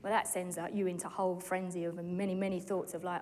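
A British woman in her forties giving a lively, excitable testimony to a church gathering from a stage. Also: fairly low pitch, quick pace. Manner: animated, excitable storyteller who acts out quotes. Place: stage in a hall. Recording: echoey hall.

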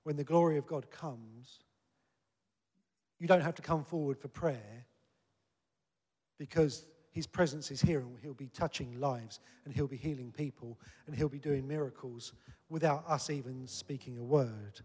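A man's voice: mid-range voice, unhurried, a little mellow, husky. A man preaching a sermon in an earnest, conversational way that builds to emphatic peaks. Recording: long hall reverb.

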